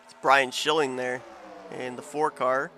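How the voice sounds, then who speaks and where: A man commenting on a sim race broadcast in quick, chatty play-by-play with bursts of excitement. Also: mid-range voice, faint music behind.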